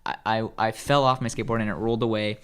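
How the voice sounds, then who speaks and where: A man's voice: fairly low pitch, little pitch movement, fast talker, a bit bright, clear, resonant tone. A young man co-hosting a podcast, telling a skateboarding story in a laid-back way, often saying dude. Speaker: podcast co-host. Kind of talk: casual chat.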